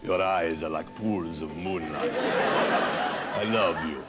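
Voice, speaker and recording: A man doing a deep, crooning Greek charmer. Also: over loud music. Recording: loud background noise.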